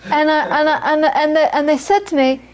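A woman teaching Buddhism to a live audience, moving from lively anecdotal storytelling into quiet, reflective teaching. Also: sits high, fairly quick. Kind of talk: dharma talk to a live audience.

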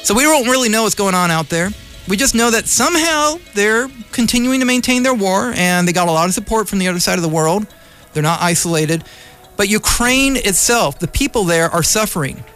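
On community radio, a high-pitched male host delivers a heated, rambling opinion monologue a little fast, with lively intonation. He argues impassionedly, circles back and presses his points as soft music plays faintly beneath.

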